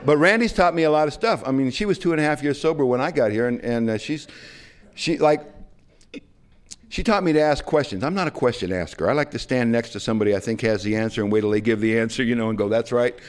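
A man's voice: mid-range voice, fast talker. A man sharing his story at a recovery meeting, rambling and self-deprecating with lots of fillers. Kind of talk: humorous personal storytelling.

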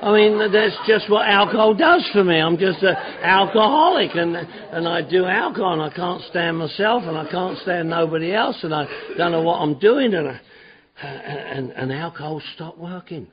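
A man's voice: sits high, normal speed, a crowd in the background. A man giving a personal recovery testimony at a meeting, rambling and repetitive with stammering restarts. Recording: dull lo-fi recording.

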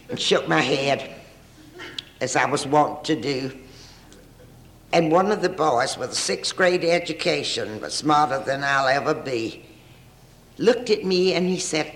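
A woman's voice: extremely low pitch, animated, measured pace. An older woman with a drawl shares her personal story at a recovery meeting. Her humor is dry and self-mocking, and her voice rings around an echoey room.

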